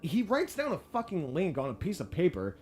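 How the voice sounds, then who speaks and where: A man giving a casual, profane movie review, excitable and full of fillers. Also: high-pitched, fairly quick, breathy edge. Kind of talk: casual spoken film review.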